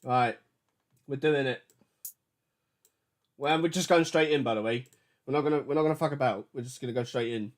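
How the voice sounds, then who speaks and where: A man chatting loosely and excitedly while producing music on a livestream, with slangy, jokey banter. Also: mid-range voice, brisk, long pauses. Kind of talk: casual livestream chat.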